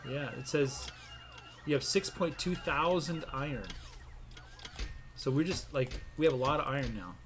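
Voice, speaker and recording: A man's voice: a little high, moderate pace, pauses often, fairly bright tone. A man hosting a gameplay video, chatting casually and telling a long, rambling joke with lots of ums and restarts. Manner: rambling, self-interrupting storyteller. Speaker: gaming channel host.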